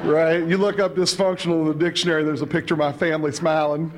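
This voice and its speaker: A man's voice: fairly high pitch, little pitch movement, fast, crowd noise. A man telling his recovery story at a meeting in a chatty, humorous way, often adding "you know" and chuckling. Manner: chatty, fills with "you know" and "right", chuckles between lines.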